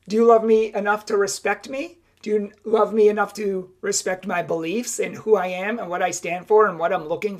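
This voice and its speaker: A young woman speaking as a Catholic advice speaker, talking to camera and acting out both sides of each exchange. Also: medium pitch. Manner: emphatic, acts out both sides of dialogues. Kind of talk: direct-to-camera advice talk.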